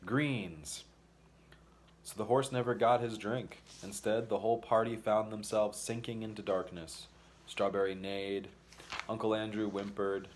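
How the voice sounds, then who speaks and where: A man with a fairly low voice reading a children's fantasy story aloud. His narration is expressive and measured, with a steady storytelling rhythm. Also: slight background noise. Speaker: audiobook reader. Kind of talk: audiobook narration.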